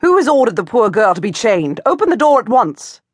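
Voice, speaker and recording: A woman's voice: mid-range voice, animated, normal speed, no room sound, clean studio sound. A woman plays an elderly aristocratic aunt, commanding and decisive, audiobook read. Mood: indignant. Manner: firm, authoritative. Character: elderly noble great-aunt, commanding and kindly. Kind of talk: audiobook character voice.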